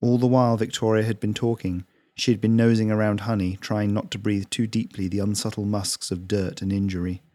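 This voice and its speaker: Low-voiced man reading his story. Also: flat delivery, brisk, few pauses, warm tone, dry recording. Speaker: author and narrator.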